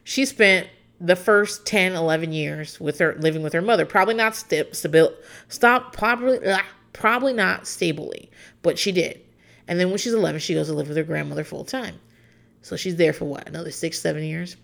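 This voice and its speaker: A woman's voice: lowish voice, fairly quick, vocal fry, fairly bright tone. A woman in her thirties, casually and opinionatedly recapping a reality show as a podcast host, rambling with plenty of fillers. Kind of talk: casual chat.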